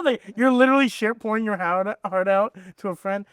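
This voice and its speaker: A man's voice: high voice, fairly quick, fairly bright tone, clear, resonant tone, no echo. A man, a comedian guest on a podcast, chatting casually and teasing, often slipping into mock voices.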